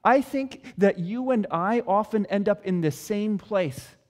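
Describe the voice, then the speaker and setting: A man preaching a sermon, telling the story with expressive delivery. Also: sits high, measured pace.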